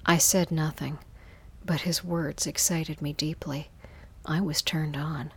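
A woman narrating an intimate first-person story in a soft, hushed voice. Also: low-pitched, flat delivery, takes it slowly, breathy edge.

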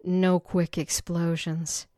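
A woman voicing a playful, eager young woman in a slow, breathy read-aloud story. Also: lowish voice, level tone, warm tone, no echo, studio quality.

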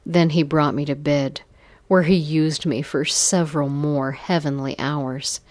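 A woman with a low voice reads an intimate story at an unhurried pace. Her delivery is breathy and drawn out, often sinking to a whisper. The recording is close and dry. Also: steady tone, a little mellow, dry recording. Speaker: narrator. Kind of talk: scripted erotic story narration.

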